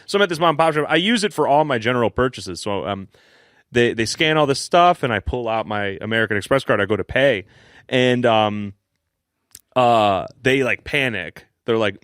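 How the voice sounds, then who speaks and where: A young man co-hosting a podcast, telling a long story in casual chat, rambling with many fillers and quick laughs. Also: lowish voice, expressive, a bit bright, smooth, no room sound, clean studio sound. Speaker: podcast co-host.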